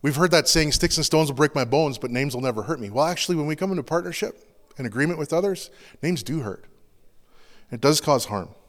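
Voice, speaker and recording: A pastor giving an earnest, confessional sermon in a loose, conversational way, full of casual fillers. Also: male voice, a little high, expressive, a little fast, long reverb tail.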